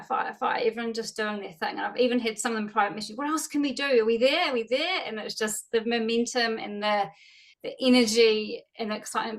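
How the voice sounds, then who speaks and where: A woman telling an emotional, excited story about a teammate on a video call. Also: a little high. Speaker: team leader on a call.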